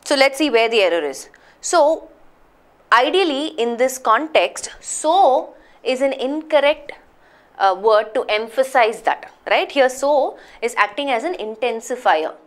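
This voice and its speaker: A woman's voice: high voice, lively intonation, measured pace. Woman teaching a grammar class. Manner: explains patiently, asks checking questions.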